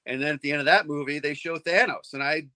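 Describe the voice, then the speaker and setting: Middle-aged guy rambling excitedly, bright forceful tone, super dry close sound. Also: fairly high pitch, quick pace, no room sound. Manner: rambling, excited, lots of restarts. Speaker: comics fan on a panel show. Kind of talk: casual chat.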